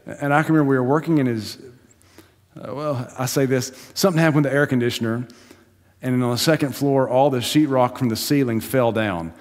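A man's voice: mid-range voice, brisk. A pastor giving a sermon in a conversational, storytelling manner, laughing and building emphasis as he goes. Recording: long hall reverb in church.

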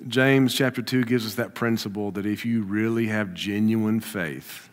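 A man preaching a sermon to a congregation, animated, swinging from loud emphatic lines to low asides. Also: moderate pace. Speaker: pastor. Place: church sanctuary with a congregation. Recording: reverberant hall.

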